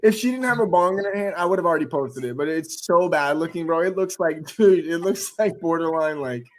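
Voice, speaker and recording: A man's voice: on the high side, a little fast. A man hosting a livestream, telling a story in casual, profane slang and laughing between lines. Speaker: livestream host.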